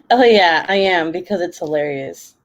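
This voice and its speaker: Giggly chatty woman livestreaming. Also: mid-range voice. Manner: giggly, chatty, laughs often. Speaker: craft livestream host. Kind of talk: casual livestream chat.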